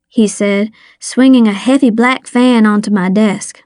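A woman reading a first-person story aloud in an unhurried, expressive way, giving voices to the characters. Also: on the high side, dry recording, clean studio sound. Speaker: audiobook narrator. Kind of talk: first-person audiobook narration.

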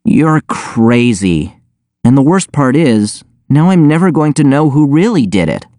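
A man's voice: medium pitch, sing-song, unhurried, dark tone, dry recording. Guy doing an exasperated teen schoolboy in a storybook, scolding, voice swinging up a bit, dry sound. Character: exasperated teenage schoolboy, blunt and frustrated.

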